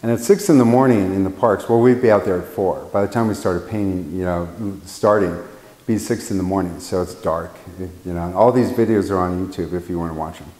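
A man's voice: sits low, brisk, darkish tone. A man teaching painting in a casual, rambling way, telling anecdotes and acting out the quotes. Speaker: painting instructor. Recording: roomy hall reverb.

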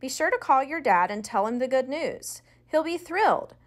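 Woman reading as a gentle, calm mother. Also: high-pitched, moderate pace, pitched above the performer's own voice. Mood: warm. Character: kind, calm mother, a doctor.

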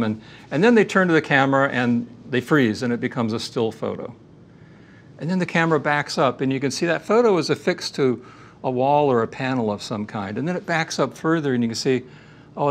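A man giving a faith-based lecture in an earnest, measured teaching manner, weaving in stories. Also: mid-range voice, a little hiss or hum.

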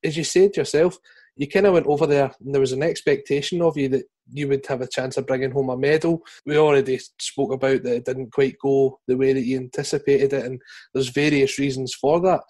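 A man hosting a casual podcast interview, asking steady questions and murmuring agreement often. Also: medium pitch, a little fast. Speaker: podcast host.

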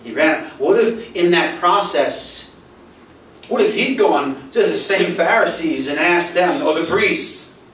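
Pastor, male, preaching sermon, animated storyteller, distant mic in roomy hall. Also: a little high, takes it slowly, a little hiss or hum. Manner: storytelling, acts out quoted dialogue, swings from loud to soft. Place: church hall. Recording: roomy echo, voice from far off, faint ambience.

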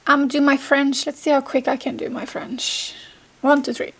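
A young woman vlogging casually while sick with a fever, talking softly and often dropping to a whisper. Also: sits high, steady tone, unhurried, creaky, slight background noise. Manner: soft, tired, often drops to a whisper. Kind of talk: casual vlog chat.

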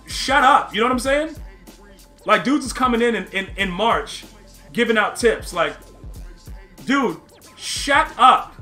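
A young man streaming a football video game, talking to his chat in loose slang and breaking into excited yelling. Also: sits high. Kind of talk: live gameplay commentary to chat.

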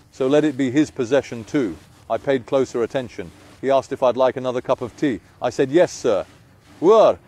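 A man telling a spiritual story, moving between hushed passages and emphatic exclamations. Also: mid-range voice.

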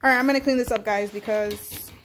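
A woman's voice: a little high, fairly even intonation, brisk, a bit bright, a little hiss or hum. A woman vlogging at home, talking playfully to her dog and her viewers, hyper and exclaiming, filmed on a handheld phone. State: hyper from coffee. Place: at home indoors.

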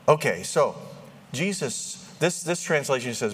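A man preaching a sermon in a lively, joking way, acting out quoted voices as he goes. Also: mid-range voice, moderate pace, a little hiss or hum.

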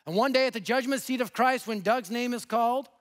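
High-voiced man preaching with animated storytelling. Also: brisk. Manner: animated, swings from loud to hushed. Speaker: guest preacher. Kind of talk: sermon storytelling.

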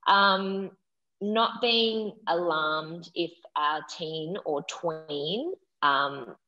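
Low voiced mum on a podcast, playful n chatty, kinda muffled lo-fi sound. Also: female voice, drawn-out words, bright, forceful tone. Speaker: podcast guest, nutritionist and mother. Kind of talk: casual interview chat.

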